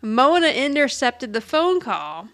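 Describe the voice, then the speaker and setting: A woman's voice: high voice, sing-song, measured pace, fairly bright tone. A woman co-hosting a podcast, casually recapping a TV episode and acting out the characters' lines, often laughing. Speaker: podcast co-host.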